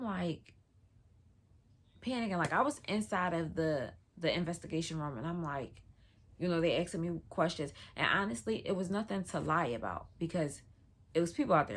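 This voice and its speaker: A woman's voice: on the low side, expressive, moderate pace, husky. A woman vlogger telling a personal story in a casual storytime, slangy and loose, full of "like" fillers.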